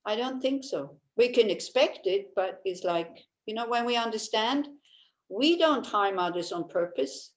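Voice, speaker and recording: A woman's voice: a little high, expressive, unhurried, low-quality recording. A woman teaching a Buddhist class, talking in a conversational way and often checking in with tag questions while she answers listeners' questions.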